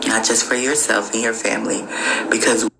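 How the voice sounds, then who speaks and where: Lady podcast host preaching healing vibes, gravelly low voice, slow and dark, noisy screen recording. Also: fairly even intonation. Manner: preachy, emphatic and repetitive. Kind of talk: motivational spiritual monologue.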